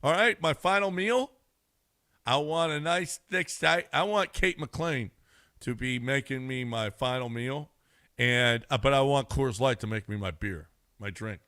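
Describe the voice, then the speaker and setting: A middle-aged man in casual sports radio banter, rambling and repeating himself, quick to laugh. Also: mid-range voice, sharp tone, no room sound, studio quality. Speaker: radio show regular.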